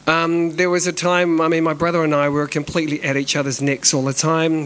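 A middle-aged man from New Zealand, a dance company director, tells a personal story candidly, swearing freely and sometimes dropping to a whisper. His male voice is on the high side, level, a little fast, and fairly bright, in a rough recording.

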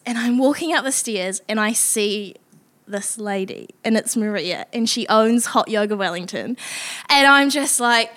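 A woman telling a funny story on stage at a live event, acting out the lines of the people in it. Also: a little high. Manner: animated, acts out her own and others' lines.

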